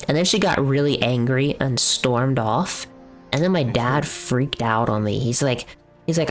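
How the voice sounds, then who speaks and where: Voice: medium pitch, normal speed, soft background music. A young adult streamer chatting casually while gaming, telling a story in blunt, profane language that turns into heated ranting.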